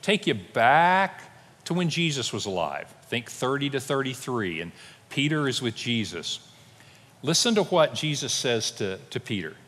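A man's voice: mid-range voice, very animated, measured pace, fairly bright tone. A male pastor delivers a sermon, bringing each story to life by acting out the voices he quotes. His voice rises and falls a lot. It carries with a long reverb, as if filling a large church sanctuary.

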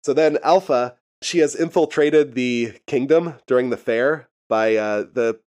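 Dude rambling thru a show recap, laughs a lot, swears, just casual chat. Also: male voice, mid-range voice, unhurried, a little mellow, clean tone. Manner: rambling, laughs often, profane. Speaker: podcast host recapping a TV episode.

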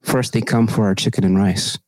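A man co-hosting a casual podcast chat, telling stories in a profane, animated way. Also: fairly low pitch, brisk, dry recording. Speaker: podcast co-host.

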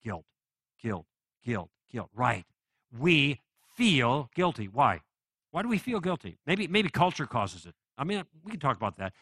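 A man's voice: fairly high pitch, big pitch swings, normal speed, fairly bright tone, no echo. A middle-aged man giving a live apologetics talk, conversational and persuasive, with many rhetorical questions to the audience. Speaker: Christian apologetics speaker.

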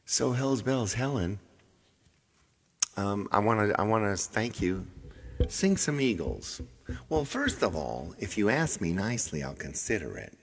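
A man's voice: on the low side, sing-song, moderate pace, a little hiss or hum. A middle-aged man hosting a casual livestream, chatting to viewers and scolding them in mock sternness, with many restarts. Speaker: livestream host and singer.

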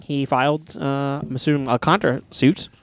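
A man's voice: medium pitch, little pitch movement, normal speed, dry recording, studio quality. A man co-hosting a podcast, reading out odd news stories and riffing on them in casual banter. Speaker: podcast co-host.

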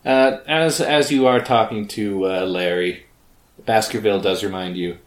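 A man's voice: lowish voice, normal speed, reverberant. A man narrating as game master in a tabletop game, playful and often laughing.

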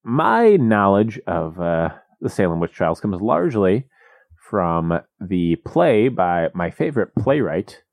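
A man co-hosting a casual comedy podcast, telling stories in a wry, animated way. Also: sits low, slow, gravelly, dry recording, clean studio sound. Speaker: podcast co-host.

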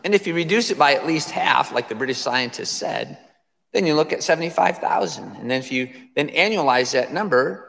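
A man's voice: a little high, animated, fairly quick, vocal fry, fairly bright tone, big-room sound. A man preaching an emphatic sermon to his congregation, repeating phrases for effect.

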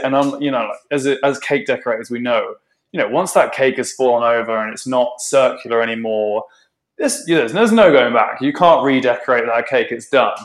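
A man's voice: medium pitch, quick pace, reverberant. Emotional man telling a story. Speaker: guest baker. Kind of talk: casual storytelling.

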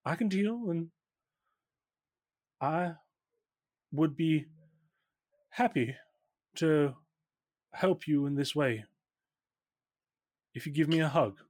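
A man's voice: fairly high pitch, slow, long pauses, a little mellow, no echo, studio quality, pitched above the performer's own voice. A man voicing a doting but manipulative estranged mother who coos pet names and lays on guilt. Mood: wheedling. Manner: syrupy, guilt-tripping, calls her honey and darling.

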